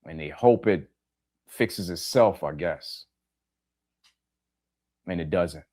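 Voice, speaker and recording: Low-pitched and slow, with a darkish tone, this middle-aged podcast host reflects aloud to his audience in plain terms. He asks listeners direct questions and keeps returning to key phrases to stress them.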